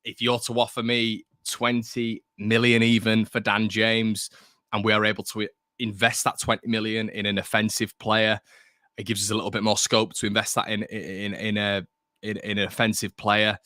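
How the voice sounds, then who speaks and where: A man's voice: on the low side, flat delivery, normal speed, pushed and bright, no room sound, studio quality. A young man hosting a football fan live stream, chatting casually and reading out viewer comments with strong opinions. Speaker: fan channel host.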